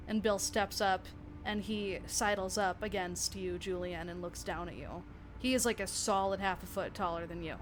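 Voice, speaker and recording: A woman's voice: mid-range voice, measured pace, slight background noise. A woman game master narrating a tabletop role-playing scene, rambling and laughing often.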